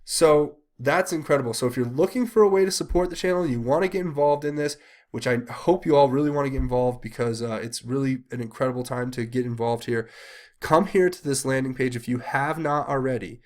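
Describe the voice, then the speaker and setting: A man's voice: mid-range voice, a little fast. Congested, earnest man hosting his channel. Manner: earnest, rambling, many "uh" fillers; pleading appeals to viewers. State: congested from a cold. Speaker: channel host. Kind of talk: casual solo commentary.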